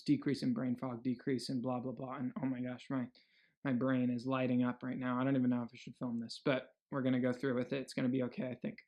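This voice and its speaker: An earnest young man speaks in a casual video diary, with a voice of ordinary pitch. He rambles freely and restarts often, with plenty of fillers. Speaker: health vlogger.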